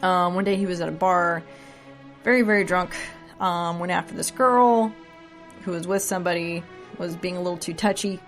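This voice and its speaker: A tipsy woman tells a story in a low, gravelly voice. She rambles a little and breaks off for asides. She is recording under a blanket at home, with faint music behind her. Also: steady tone, moderate pace. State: drunk. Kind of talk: casual story reading.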